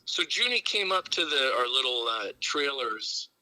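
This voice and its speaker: Bright-toned man guest on a call. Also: mid-range voice, sing-song, normal speed, rough recording. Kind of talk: casual chat.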